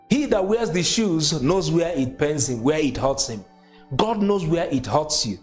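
A man's voice: a little high, expressive, measured pace, soft background music. A man whose first language is not English preaches a sermon, repeating phrases with emphatic, consoling delivery.

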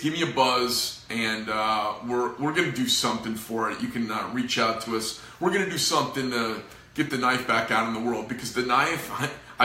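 A middle-aged man vents to camera about his business in a loose, rambling way, swearing freely and sounding fed up. His voice has a bright, forceful edge. The room around him is echoey. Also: medium pitch. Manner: profane, frustrated, rambling. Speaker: knife company owner. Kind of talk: casual venting to camera.

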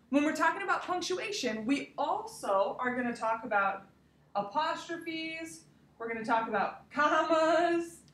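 A woman with a high-pitched, fairly bright voice teaches grammar to young children in a recorded remote lesson. As an elementary school teacher, she addresses them directly, cheerful and encouraging. She is far from the mic, and the room echoes.

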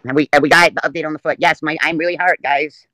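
Fast-talking guy rambling on a livestream, kinda high voice, dry close sound. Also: steady tone, sharp tone, no echo, low-quality recording. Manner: rambling, chatty storyteller. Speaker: livestream guest. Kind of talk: casual livestream chat.

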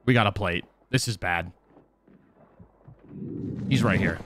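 A man giving casual, chatty gameplay commentary, excitable and self-mocking, breaking into yelps when things go wrong. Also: low voice, slow pace. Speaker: gaming video creator.

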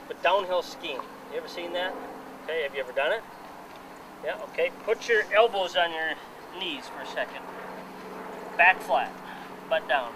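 A man teaching softball fielding technique to players at an outdoor clinic. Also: a little high. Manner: coaching players with hands-on instruction. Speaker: softball coach. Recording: noisy outdoor camera audio.

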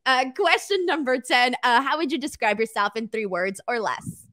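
A woman hosts a casual interview in a fairly high voice. She agrees readily with her guest and works through a list of numbered questions. Her talk is relaxed and friendly. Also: normal speed.

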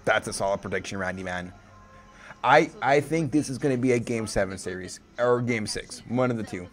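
A man hosting a casual live stream, commenting on a game as it unfolds. He is excitable, swears freely, stumbles over his words and chants players' names over and over. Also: on the low side, brisk.

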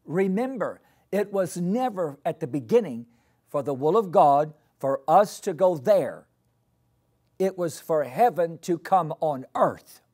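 A man preaches a sermon at an unhurried pace. His voice swings widely in pitch as he drives home each point, repeating key phrases and calling the congregation to repeat them after him. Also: mellow. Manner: leads the congregation in call-and-response. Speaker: pastor.

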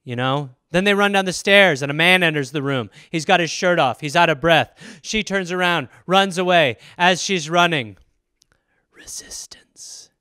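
A man hosting a comedy podcast, riffing alone in a rambling, profane, animated way. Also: a little high, moderate pace, hardly any pauses, clean tone, dry recording, studio quality.

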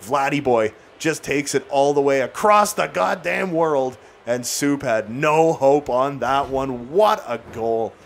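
A man doing excited, jokey play-by-play commentary while playing a hockey video game. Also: medium pitch, slow pace, vocal fry, few pauses, slight background noise. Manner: excitable, jokey, bursts into shouts and laughs. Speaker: gaming YouTuber.

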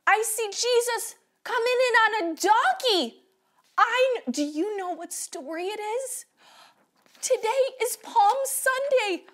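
A woman pastor giving an animated Bible lesson to preschool children, full of gasps and questions to the kids. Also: extremely high pitch. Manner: animated, gasping, exaggerated storytelling for small children.

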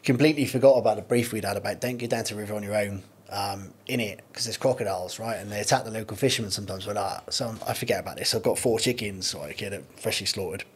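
A man's voice: lowish voice, quick pace, hardly any pauses, slight background noise. A man, a podcast guest, talking candidly in casual chat with many restarts and storytelling. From United Kingdom.

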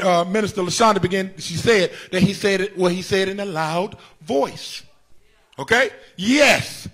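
High-voiced fervent male preacher. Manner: fervent, repetitive, calls out to the congregation; rises to shouts at times. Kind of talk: Good Friday sermon.

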